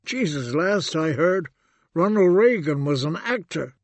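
Talkative ex-ape mimic read by a man, eager, rambling, a touch high. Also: expressive, a little slow, dry recording.

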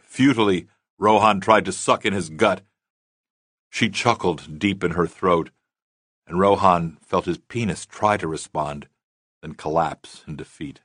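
A male audiobook narrator telling the story in a measured, even manner. His voice is very deep and husky, and the slow delivery is recorded dry and close. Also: no room sound. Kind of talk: scripted narration.

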